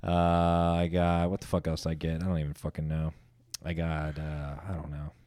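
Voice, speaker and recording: A man's voice: rumbling low, completely flat delivery, moderate pace, darkish tone, clear, resonant tone, dry recording. A young man co-hosting a casual podcast, rambling and swearing a lot in loose, joking banter. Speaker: podcast co-host.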